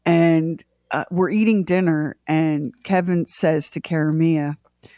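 A middle-aged woman co-hosting a morning radio show, telling a family story in a lively way and acting out everyone's lines. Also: fairly low pitch, normal speed, no room sound, studio quality.

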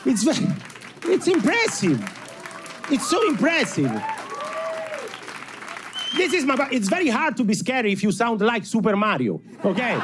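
A man from Italy with a strong Italian accent doing stand-up on a comedy club stage, animated and self-mocking, laughing at his own jokes. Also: very high-pitched, unhurried, pauses often, crowd noise, noisy background.

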